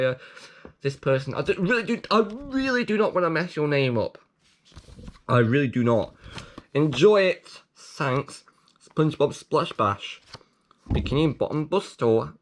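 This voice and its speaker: A man riffs through a leaflet in jokey commentary, playful and quick to break into excited outbursts. His pitch swings widely and lively at a middling height. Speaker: video host.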